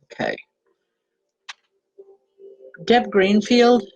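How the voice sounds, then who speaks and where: A woman working as a spiritual medium, giving live readings and passing on messages in an earnest, gentle, halting way. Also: on the high side, creaky, lo-fi sound. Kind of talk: live online psychic readings.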